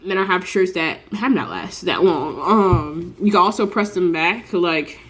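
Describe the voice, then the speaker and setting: A woman's voice: lowish voice, measured pace, a bit bright. A woman with a congested, stuffy voice, explaining a craft technique in a chatty, rambling vlog full of fillers. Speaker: small business crafter. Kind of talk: casual tutorial vlog.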